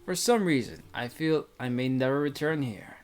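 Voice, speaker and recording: A man's voice: medium pitch, sing-song, normal speed, clean tone, soft background music. Casual male reader of a visual novel; rambles between lines with plenty of fillers, mid-range voice. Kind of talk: reading a visual novel aloud with casual commentary.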